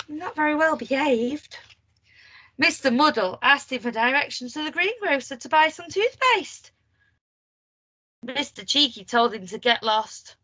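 A woman's voice: sits high, slightly rough. A woman teacher reading a picture book aloud to young children, asking them questions as she goes. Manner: animated, asks the children questions. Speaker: primary school teacher.

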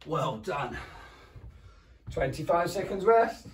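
A man's voice: very animated, slow pace, a little hiss or hum. A man with an English accent leading a home PE lesson for young children, encouraging them, counting down and often praising them. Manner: makes animal noises, roars and squeaks. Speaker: primary school PE teacher. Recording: echoey room, mic far away.

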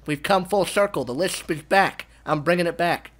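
A young man hosting a casual gaming livestream, excitable and swearing freely between laughs. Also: on the high side, normal speed. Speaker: livestream host.

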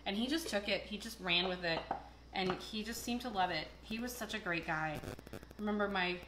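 A woman's voice: medium pitch, normal speed, background noise. A woman hosting a casual cooking video, chatting and telling rambling stories while she works in a kitchen. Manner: chatty, rambling storyteller with fillers. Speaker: cooking show host. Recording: echoey kitchen with clattering dishes.

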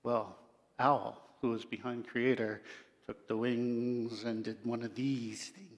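A man's voice: mid-range voice, steady tone, takes it slowly. A male pastor telling an animal story during a sermon, acting out the creatures as he goes. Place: church sanctuary. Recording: long church-hall reverb.

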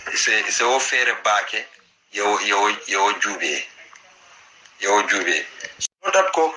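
Impassioned Gambian man, sharp bright voice. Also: lowish voice, a little hiss or hum, low-quality recording. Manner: impassioned, repeats points for emphasis. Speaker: political party activist. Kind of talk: political commentary.

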